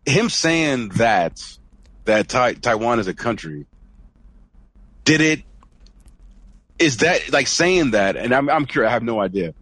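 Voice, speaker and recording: Man, podcast co-host, casual chat, hesitant, curious, mid-pitched voice, dry sound. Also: big pitch swings, unhurried, pauses often, a bit bright, no room sound. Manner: hesitant, curious, many fillers and restarts.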